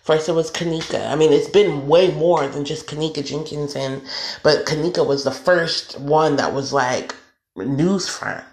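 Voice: medium pitch, unhurried, darkish tone. A podcast host venting alone on an episode, talking emphatically, repeating points and swearing. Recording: roomy echo.

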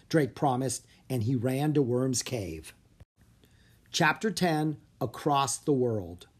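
Expressive children's audiobook narrator; husky tone, wide, lively pitch. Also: takes it slowly. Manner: expressive, animated storytelling. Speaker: audiobook reader.

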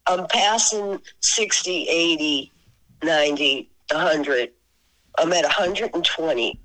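An older woman, a singer and podcast guest, telling a story in casual chat, animated and laughing often as she acts out both sides of a conversation. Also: deep voice, slow, low-quality recording. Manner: animated, laughing often, voices her friend's lines.

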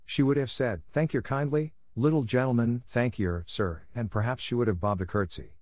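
A man's voice: mid-range voice, moderate pace, a little mellow, no echo, studio quality, voice pushed up, natural voice. A man voicing a sensible, decisive girl in a storybook reading, reasoning things out. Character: sensible talkative older sister girl.

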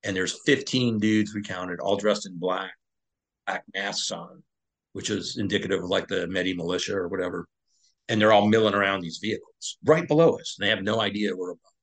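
A man with a fairly low voice recounts a war story as a podcast guest. He talks loosely, with fillers and restarts. He acts out the dialogue as he tells it. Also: fairly quick, poor audio. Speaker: podcast guest, former Navy SEAL.

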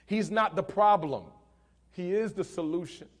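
A male pastor preaching a sermon in church, punctuating his lines with hallelujahs and swinging between loud bursts and quiet lines. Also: sits high, measured pace. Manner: preaching with frequent hallelujahs, swelling and dropping in volume. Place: church hall.

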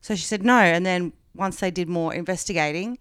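An Australian woman co-hosting a podcast casually retells a true-crime story, frank and chatty with lots of fillers. Her voice is lowish, fairly bright, and smooth, and she speaks briskly. The studio-quality recording has no echo.

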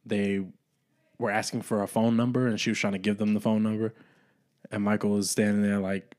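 A man's voice: on the low side, little pitch movement, a little fast, a little mellow. A man co-hosting a casual comedy podcast, riffing dryly and retelling scenes from a sitcom. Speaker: podcast co-host.

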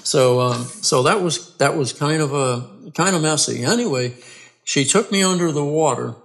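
Gravelly-voiced man telling a story haltingly. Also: on the high side, fairly bright tone. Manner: halting, with many restarts and repeated words; earnest and plain-spoken. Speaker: guest telling his survival story. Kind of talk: conversational storytelling.

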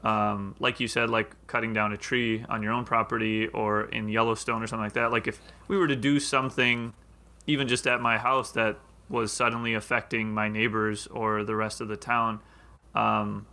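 A man's voice: on the low side, level tone, moderate pace, creaky, bright, forceful tone. A man on a casual podcast, thinking aloud in a hesitant, meandering way, full of "um" and "like". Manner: hesitant, thinks aloud with many ums and likes. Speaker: podcast co-host.

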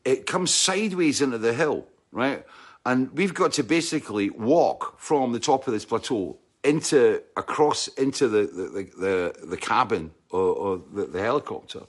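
A man with a Scottish accent telling a rambling anecdote, often checking in with "right?" and mimicking sounds with his mouth. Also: mid-range voice.

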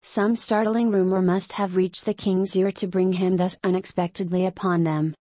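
A woman narrating a historical adventure story as an audiobook, reading in a steady, even way. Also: on the low side, moderate pace, dry recording.

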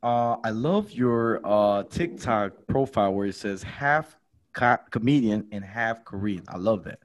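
A man hosting a podcast, telling a comedy story and acting out the voices in it. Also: measured pace. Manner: lively, acts out quotes with big jumps in pitch. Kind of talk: animated storytelling chat.

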